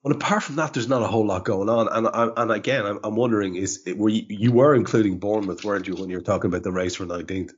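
A low, husky-voiced man hosting a football podcast. He rambles and circles his points in relaxed chat. The audio is dull and lo-fi. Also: racing, hardly any pauses. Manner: rambling, many fillers and restarts. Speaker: podcast host.

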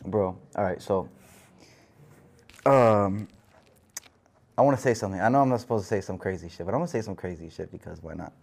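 A young man telling crude stories as a podcast guest, swearing constantly and breaking into loud bursts when excited. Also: low voice, a little fast, creaky, long pauses. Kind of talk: casual podcast chat.

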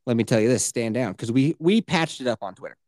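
A man on a casual podcast, telling a story in a theatrical fake rage and swearing freely. His pitch leaps up and down as he gets worked up. The sound is close and dry, with no room around it. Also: fast talker, no echo. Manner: animated ranting, swears a lot, mock outrage. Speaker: podcast co-host.

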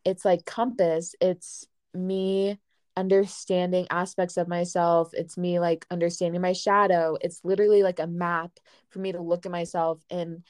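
A young woman hosting a casual podcast, talking in a gentle, reflective way with lots of "like". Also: fairly low pitch, dry recording, clean studio sound. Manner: gentle, reflective, uses "like" often. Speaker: podcast host.

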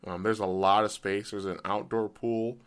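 A man hosting a casual solo podcast, his voice hoarse and cracking in and out, rambling with many fillers. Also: flat delivery, normal speed, a bit bright. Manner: pitch jumps as voice cracks. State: voice partly gone, hoarse. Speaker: podcast host.

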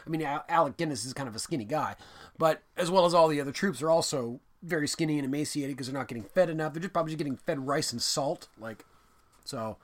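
A young adult man co-hosting a casual film podcast, animated and jokey, swearing freely. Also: fairly high pitch, fast. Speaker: podcast co-host.

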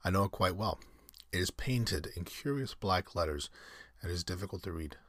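An earnest, gentle little girl from a storybook, as read by a man who barely changes his voice. It stays deep and plain, recorded close and dry. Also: lively intonation, normal speed, no room sound.

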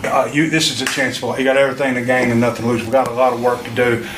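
A man's voice: mid-range voice, little pitch movement, racing. A man, a veteran wrestler giving a rambling, emphatic pep talk to a younger wrestler. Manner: rambling, emphatic, repeats himself. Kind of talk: motivational pep talk from a promo video. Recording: echoey, distant, noisy room.

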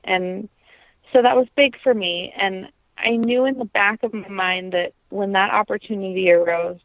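A woman's voice: medium pitch, gravelly, dry recording. Young woman opera singer being interviewed, heartfelt, lots of ums, sounds like a phone line. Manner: reflective, heartfelt, many fillers. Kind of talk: casual interview.

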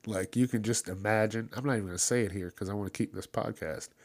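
A man hosting a casual solo podcast, ranting profanely and laughing at his own jokes, with loud mocking put-on voices for the people he quotes. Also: fairly low pitch, quick pace, dry recording. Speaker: podcast host.

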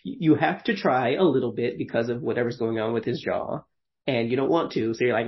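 A man's voice: medium pitch, brisk, lo-fi sound. A man in his thirties, a podcast host telling stories casually, rambling with many fillers and frequent laughs. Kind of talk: casual conversational storytelling.

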